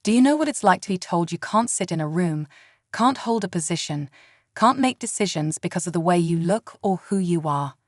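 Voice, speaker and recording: A woman's voice: on the low side, animated, fairly quick, no echo, studio quality. A woman narrator voicing a composed woman politician, speaking steadily. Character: calm, dignified woman politician.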